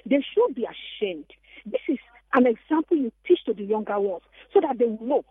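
A woman with a Nigerian accent calling into a radio show, telling an animated, emphatic story. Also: fairly high pitch, brisk, slightly rough, no room sound. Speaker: caller. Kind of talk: call-in radio comment. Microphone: phone. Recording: tinny phone line.

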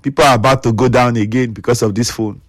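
A man's voice: medium pitch, fairly even intonation, quick pace, dry recording, studio quality, soft background music. A Nigerian man hosting a radio talk show, lecturing his listeners in a scolding, preachy way and mixing in pidgin.

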